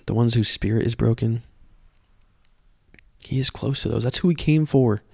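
Earnest young male podcaster, gravelly, dry close sound, halting testimony. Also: mid-range voice, darkish tone, no room sound. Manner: earnest, halting, repeats words. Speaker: podcast host. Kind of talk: personal testimony.

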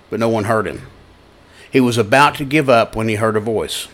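A man's voice: lowish voice, expressive, moderate pace, pauses often, fairly bright tone. A male pastor giving a broadcast sermon, with conversational, folksy storytelling and scripture reading.

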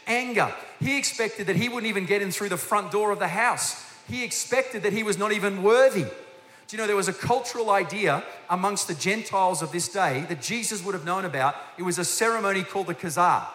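Bright-voiced man preaching. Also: high-pitched. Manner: energetic storytelling, asks the congregation direct questions. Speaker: guest preacher, senior minister. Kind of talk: sermon. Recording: echoey hall with faint hiss.

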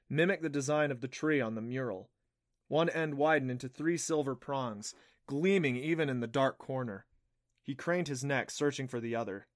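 A male audiobook narrator reads a scripted middle-grade adventure in an even storytelling manner. His voice is mid-range, and the clean studio sound has no room sound.

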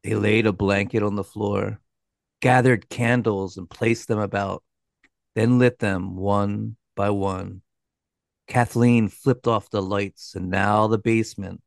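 Male co-host narrator, low gravelly tone, unhurried, measured delivery. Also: no echo. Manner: measured, dramatic, with a dry aside. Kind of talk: scripted storytelling narration.

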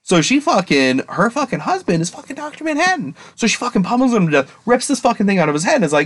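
A young man co-hosting a casual podcast, rambling excitedly and swearing constantly as he retells a story. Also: high voice, fast, few pauses. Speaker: podcast co-host. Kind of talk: casual chat.

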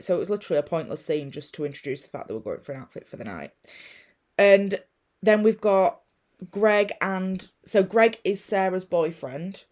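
A young woman co-hosting a casual film-review chat, telling the plot in a sweary, animated way and acting out the characters' lines. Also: fairly low pitch. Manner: sweary, animated storytelling with acted-out quotes. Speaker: podcast co-host.

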